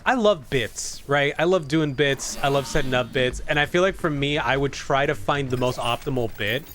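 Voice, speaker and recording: A man's voice: mid-range voice, moderate pace, fairly bright tone, a little hiss or hum. A man streaming a video game, chatting casually in a rambling, profane way with many restarts. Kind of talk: casual gaming commentary.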